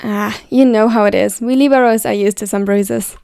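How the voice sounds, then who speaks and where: A woman reading the lines of a caring young male volleyball player in a story, in a calm, concerned way. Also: mid-range voice, normal speed, creaky, clean tone, no echo, studio quality, lightly acted.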